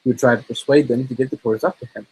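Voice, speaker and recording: A man reading fairy tales aloud in a relaxed, informal way, sometimes stumbling over words and joking between lines. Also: mid-range voice, racing, husky, rough recording. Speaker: storybook reader.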